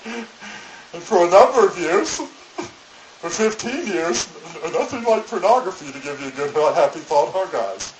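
A man's voice: sits high, animated, unhurried. Echoey storytelling male preacher. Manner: storytelling, acts out voices in quotes. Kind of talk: sermon. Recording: echoey room with background noise.

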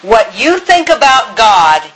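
A woman's voice: fairly high pitch, big pitch swings, takes it slowly, fairly bright tone, rough recording. A woman giving an earnest, encouraging church teaching. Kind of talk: sermon.

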